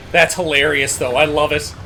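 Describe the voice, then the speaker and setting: Bright-voiced excitable male streamer. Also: fairly high pitch. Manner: excitable, laughs often, swears freely. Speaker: game streamer. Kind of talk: casual gaming commentary.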